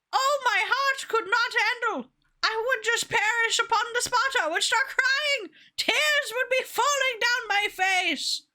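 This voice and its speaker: An excitable woman streamer chats through her game, swearing freely. Her voice is high and animated with a very bright tone. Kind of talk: casual game commentary.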